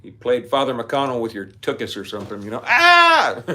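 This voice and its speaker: Speaking fairly quickly in a medium-pitched voice, a man chats with viewers on a casual livestream and reads their comments. He often laughs and tends to ramble into nerdy digressions.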